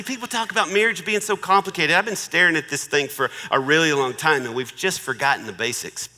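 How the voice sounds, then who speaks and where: Middle-aged guy cracking jokes in a marriage talk, bright voice, long hall echo. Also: fairly high pitch, animated, fairly quick, a little hiss or hum. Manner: joking, conversational, warmly persuasive. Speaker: marriage speaker.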